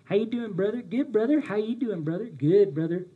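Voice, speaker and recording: A man's voice: sits high, lively intonation, brisk, slightly rough, narrow, tinny audio. A man putting on a Southern US accent to play a folksy churchgoer trading backslapping small talk. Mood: chummy.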